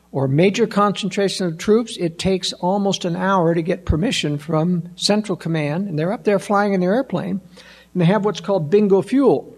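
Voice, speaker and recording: A man's voice: on the high side, darkish tone, breathy edge. An older man giving an emphatic monologue to an audience, firing off incredulous rhetorical questions. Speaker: political commentator.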